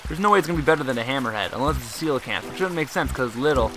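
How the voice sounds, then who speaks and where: A young man in a mid-range voice fires off rapid let's play commentary for his gaming video, rambling on and shouting excitedly at times. Music from the game plays underneath.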